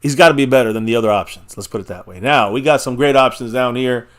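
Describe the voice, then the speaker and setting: A man's voice: medium pitch, quick pace. Opinionated man hosting a casual sports stream. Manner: opinionated, rambling with restarts and laughs. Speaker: live stream host. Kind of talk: casual sports fan chat.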